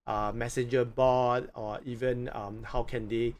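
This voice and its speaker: A man hosting a live interview show, speaking deliberately with hesitant fillers and repeating phrases slowly. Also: medium pitch, flat delivery, a little mellow.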